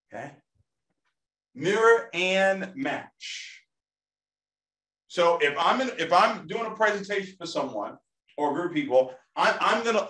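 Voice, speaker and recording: Fairly high in pitch, bright and forceful, a male sales trainer addresses a live audience with an emphatic motivational talk. Key phrases come back again and again, punctuated by "okay?" checks, and the recording has an echoey room sound.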